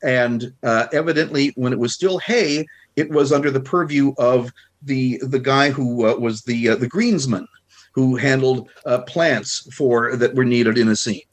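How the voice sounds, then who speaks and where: A US man in his sixties appears as a guest film historian, an animated storyteller sharing anecdotes in casual chat and acting out quotes. His mid-range voice is unhurried.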